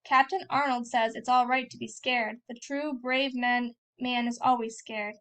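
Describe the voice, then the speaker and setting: A woman's voice: fairly high pitch, fairly even intonation, a little slow, fairly bright tone, clear, resonant tone. A woman voicing a hotheaded young man, an older brother and soldier who is boastful and easily exasperated, as she reads a novel aloud. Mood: cocky.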